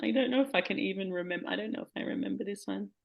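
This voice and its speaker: A woman's voice: mid-range voice, very fast, gravelly. A woman guest on a podcast, a poet who chats bashfully and laughs often. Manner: giggly, bashful. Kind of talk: casual interview chat.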